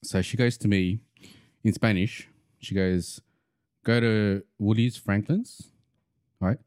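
Young man, lively storyteller on a chat podcast, low-set voice, dry close sound. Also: slow pace, no room sound. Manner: animated, acts out quoted voices; swears casually.

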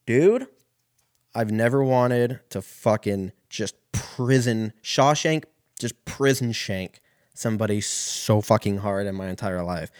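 A man's voice: fairly low pitch, measured pace, dry recording, clean studio sound. A man in his thirties telling a casual, rambling, profane story as a podcast host.

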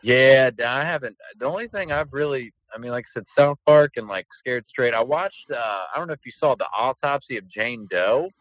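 A man's voice: mid-range voice, moderate pace, few pauses, no room sound, muffled recording. A young man in casual joking chat about TV, acting out silly voices. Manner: jokey, lively, acts out silly voices.

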